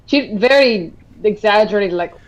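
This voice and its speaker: A woman's voice: mid-range voice, animated, moderate pace, rough recording. A woman player in a tabletop game, speaking playfully as her character.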